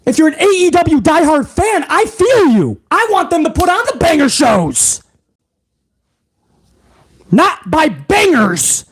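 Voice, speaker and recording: A man's voice: extremely high pitch, sing-song, slow pace, long pauses. A man hosting a wrestling vlog, ranting in heated, profane commentary.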